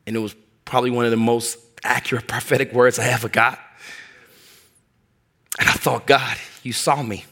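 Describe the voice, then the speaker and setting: A middle-aged male pastor preaching a sermon, telling a personal story in an animated way and acting out the voices in it. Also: medium pitch, moderate pace, vocal fry, long pauses. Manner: animated, acts out voices in anecdotes.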